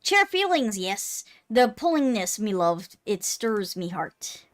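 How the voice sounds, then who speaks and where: A woman's voice: medium pitch, very animated, slow pace. A woman voicing a quaint ancient forest creature, speaking in broken archaic phrases with tender affection. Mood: fond.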